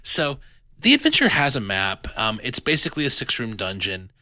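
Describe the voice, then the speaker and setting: A man hosting a casual podcast chat about a tabletop adventure, animated and self-deprecating, with many restarts. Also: mid-range voice, normal speed, dry recording. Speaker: podcast host reviewing an adventure.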